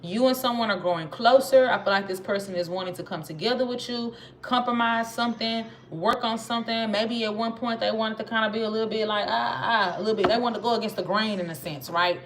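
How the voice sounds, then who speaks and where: A woman's voice: fairly high pitch, quick pace, few pauses, a bit bright. A woman with a Southern accent giving a casual tarot reading, chatty and slangy, talking straight to her viewers. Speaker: tarot reader. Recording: noisy with clicks.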